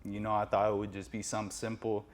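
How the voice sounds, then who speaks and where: A man hosting a podcast, speaking in a relaxed, conversational way. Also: fairly low pitch, fast talker. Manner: relaxed, conversational, casual fillers. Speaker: podcast host.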